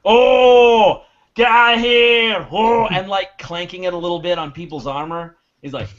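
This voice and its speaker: A man voicing a boisterous, brawny male warrior who shouts loudly and excitably. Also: fairly high pitch, fairly quick, close to an everyday voice. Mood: rowdy shouting. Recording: dull lo-fi audio.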